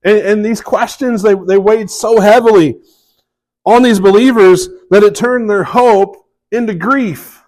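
On a low-quality recording, a pastor speaks in a high-pitched, unhurried, somewhat mellow voice. He delivers his sermon conversationally, regularly checking in with listeners and reading scripture with mounting emphasis.

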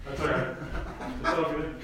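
A man's voice: on the high side, normal speed, background noise. Easygoing man teaching a Bible class. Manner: relaxed, conversational with fillers. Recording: echoey room.

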